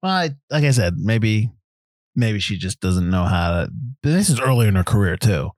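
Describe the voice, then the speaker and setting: A man in casual movie chat with a very lively, swooping pitch that shoots up when he rants. The sound is close and dry, with no room around it. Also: moderate pace, no room sound. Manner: animated, jumps to high-pitched disbelief when ranting. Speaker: movie podcast co-host.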